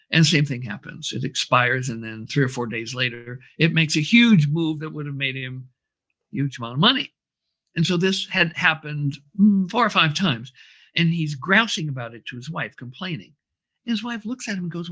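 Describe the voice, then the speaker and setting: A man's voice: on the high side, normal speed, sharp tone, highs cut off. A man who runs brainwave training, telling a long anecdote in an interview, with many fillers. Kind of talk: storytelling interview answer.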